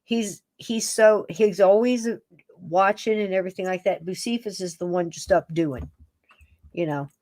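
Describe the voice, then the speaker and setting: A woman's voice: medium pitch, moderate pace, darkish tone, no room sound, studio quality. Chatty, affectionate woman podcast host. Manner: chatty and affectionate, rambling, laughs often. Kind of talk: casual chat, talking to her pets on camera.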